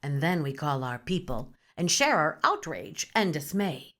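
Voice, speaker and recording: A woman's voice: low-pitched, very animated, a little slow, few pauses, fairly bright tone. A woman hosting a podcast, giving a comedic spiritual monologue in a playful, sassy way, swearing freely and using pet names. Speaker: podcast host.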